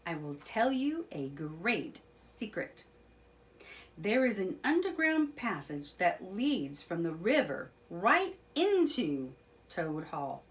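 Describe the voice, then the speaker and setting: A woman's voice: fairly low pitch, big pitch swings, slow. A woman voicing a wise, commanding old male badger in a children's storybook. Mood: stern.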